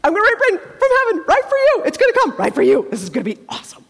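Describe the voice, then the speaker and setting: A woman preacher voicing God as an excited, casual male deity who gushes in playful slang. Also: a little high, normal speed, big-room sound.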